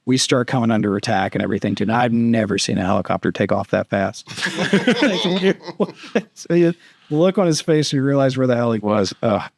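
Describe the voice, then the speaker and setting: A middle-aged man telling a story as a podcast guest, rambling and animated with many fillers and restarts. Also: medium pitch, normal speed, vocal fry, no echo, studio quality. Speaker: podcast guest, retired army captain. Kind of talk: casual storytelling in conversation.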